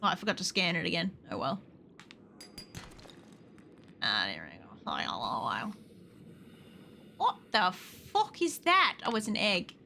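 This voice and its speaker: A young woman streaming a game, chatting to herself and yelling and swearing at the creatures on screen. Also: fairly low pitch, takes it slowly, creaky, long pauses, a little hiss or hum. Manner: expressive, swears and yells at the game. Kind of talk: casual gameplay commentary.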